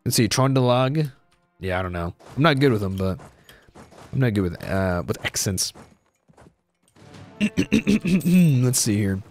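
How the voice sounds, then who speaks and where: A man's voice: lowish voice, sing-song, measured pace, creaky, pauses often, darkish tone, faint music behind. A young man giving casual let's-play commentary on a strategy game, thinking aloud, repeating himself and saying "dude".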